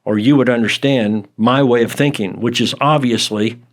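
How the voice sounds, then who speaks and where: A man chatting as a podcast guest, explaining in an animated, counsel-like way. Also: medium pitch, normal speed. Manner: animated, acts out quoted dialogue with laughs. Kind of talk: casual conversation.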